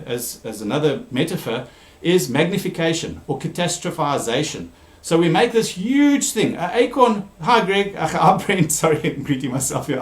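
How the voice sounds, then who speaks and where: Presenter: man, animated talk, slightly high pitch, roomy echo. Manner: animated, shifting pitch for characters. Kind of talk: storytelling then live online talk. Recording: echoey room.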